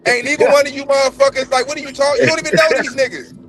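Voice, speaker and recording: A man's voice: extremely high pitch, fairly even intonation, racing, over loud music. A man on a livestream panel, giving a heated, profane, blunt rant and repeating himself for emphasis. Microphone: remote livestream call.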